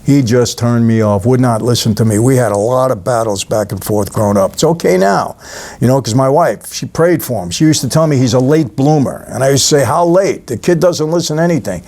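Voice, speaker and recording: A middle-aged New Yorker hosting a channel recaps a film scene by scene, talking straight to camera in a brisk, mellow, mid-range voice. His delivery is easy and conversational, and like a storyteller he stops now and then to address viewers directly.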